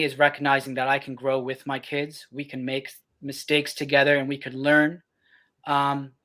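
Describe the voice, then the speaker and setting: Man, young adult, fairly high voice, reflective, halting with ums, podcast co-host. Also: bright, forceful tone. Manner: reflective, many ums and restarts. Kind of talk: casual podcast talk.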